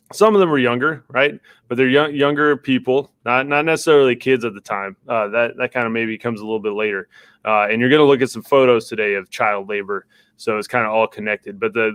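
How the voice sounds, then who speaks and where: A man's voice: medium pitch, fairly bright tone, clear, resonant tone, no echo. A man, a teacher co-hosting a class vodcast, explaining history casually and checking in with tag questions.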